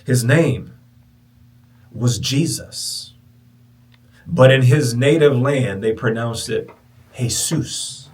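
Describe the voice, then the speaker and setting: Guy hosting a podcast, telling his story straight to listeners, goes from loud punchy bits to almost whispering, keeps repeating lines for effect. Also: medium pitch, slow, pauses often, distant mic. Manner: animated, swings from loud emphatic bursts to near-whispers; talks directly to listeners, repeats phrases for emphasis. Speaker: podcast host.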